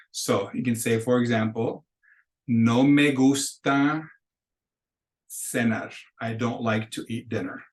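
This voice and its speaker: A man's voice: medium pitch, low-quality recording. A man teaching a beginner Spanish class, patiently explaining grammar step by step and modeling phrases for the class to repeat. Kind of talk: recorded classroom lecture.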